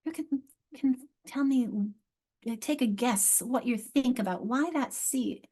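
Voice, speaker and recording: A woman's voice: high voice, unhurried, mellow, breathy edge. A middle-aged woman leading a live online teacher workshop on a video call mic, explaining with emphasis and repeating key words. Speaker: literacy instructor leading teacher training.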